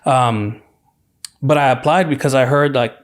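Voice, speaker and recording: Young man telling his story, relaxed. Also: mid-range voice, measured pace. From California, USA. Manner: relaxed, rambling, many "like" and "you know" fillers. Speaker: podcast guest, university student. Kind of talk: casual storytelling interview.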